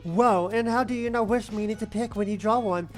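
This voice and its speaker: A woman voicing an excitable young witch friend in game dialogue, gushing and eager with quick questions. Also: mid-range voice, faint music behind, natural voice. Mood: amazed. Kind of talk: reading game dialogue aloud.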